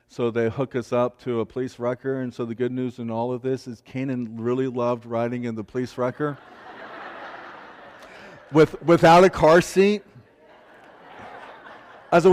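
A man's voice: medium pitch, darkish tone, smooth. A man, a pastor, telling a candid, self-deprecating personal story during a sermon. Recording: long hall reverb.

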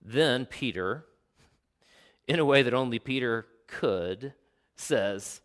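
This man's voice is medium-pitched and animated as he preaches from the pulpit. He brings his stories to life, unpacks the original Greek, and slows to a hush when he wants a point to land.

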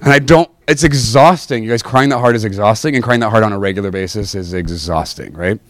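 Earnest man preaching a personal testimony. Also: fast. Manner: earnest, emotional storytelling with big pitch swings.

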